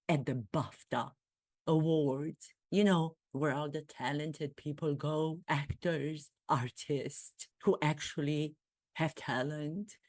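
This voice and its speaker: A woman vlogger giving animated, emphatic satirical commentary on royal gossip. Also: a bass voice, no room sound, clean studio sound. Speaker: vlogger and acting coach.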